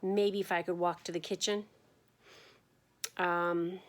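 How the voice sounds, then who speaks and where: A woman sharing her experience in a casual video diary, talking to the camera at home in a tired, unhurried way with frequent ums and yawns. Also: on the low side, level tone. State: fatigued from chemotherapy. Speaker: vlogger sharing her chemotherapy journey.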